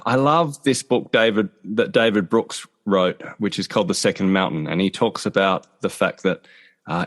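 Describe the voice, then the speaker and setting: A man with a South Australian accent answers interview questions in a measured, reflective way. His voice is on the low side, and he comes through a video call. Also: a bit bright. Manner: thoughtful, measured explaining. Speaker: podcast guest, author.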